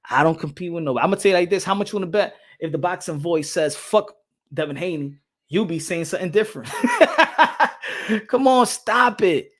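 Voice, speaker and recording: A young man with a high-pitched voice and brisk delivery hosts a boxing channel livestream, chatting casually. He's animated, repeats himself, laughs often, and slips into Spanish.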